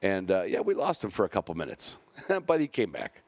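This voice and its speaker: Man, deep low voice, casual podcast host, rambling, self-correcting, dry close sound. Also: wildly swooping pitch, fairly quick, a little mellow, no room sound. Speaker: podcast host and bird dog handler.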